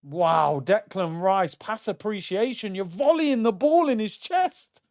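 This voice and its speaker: A young man reacting live to a football match on stream, swinging between loud outbursts and low muttering. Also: expressive, a little slow, lo-fi sound. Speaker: watchalong streamer.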